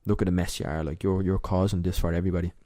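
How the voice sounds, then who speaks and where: A young Irish man speaks as a podcast guest, candid and emotional, often halting mid-thought. His voice sits low and mellow, and the sound is close and dry with no room around it. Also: little pitch movement, no room sound. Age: young adult. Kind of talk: personal storytelling in interview.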